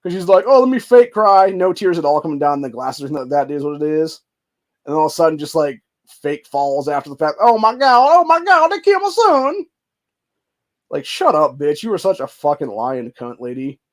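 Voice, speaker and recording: A man's voice: fairly high pitch, a little mellow. A man hosting a podcast, rambling in casual commentary with lots of swearing and filler phrases. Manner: rambling and profane, full of fillers. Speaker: podcast host.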